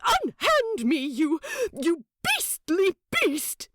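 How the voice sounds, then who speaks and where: Woman doing a very high, flustered male angel. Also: wildly swooping pitch, very slow, no room sound, clean studio sound, full character voice. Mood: alarmed. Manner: flustered, gasping, prim exclamations. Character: fussy prim male angel, easily flustered. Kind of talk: fan fiction audiobook narration.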